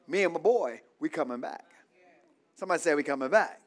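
A man's voice: fairly high pitch, lively intonation, brisk. A man preaching a call-and-response sermon in a church, leaving blanks in his lines for the congregation to fill and repeating key phrases. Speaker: pastor.

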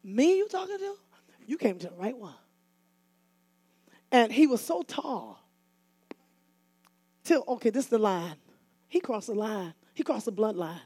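A woman minister preaching a sermon, swinging between shouted exhortation to the congregation and casual storytelling. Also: medium pitch, animated, measured pace, long pauses, breathy edge, no room sound.

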